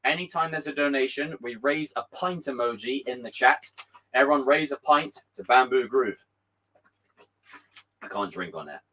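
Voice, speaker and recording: A young man hosts a casual live stream, reading viewer messages in a hoarse, worn voice. His pitch swings widely as he gets excited, and he swears freely and sometimes breaks into shouts. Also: normal speed, rough recording. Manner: animated, swearing, bursts into shouts.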